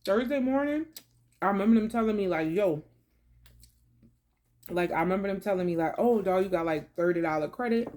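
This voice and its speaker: A woman's voice: mid-range voice, expressive, brisk, long pauses, darkish tone. A woman vlogger chatting casually to camera, telling a travel story in slangy talk and calling viewers baby and y'all while she eats. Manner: eating while talking.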